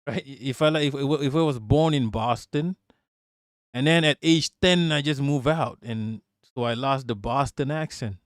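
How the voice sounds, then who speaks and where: Profane laughing stream host. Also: male voice, mid-range voice, moderate pace, dry recording, clean studio sound. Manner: loose, profane, laughs often. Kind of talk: casual reaction stream.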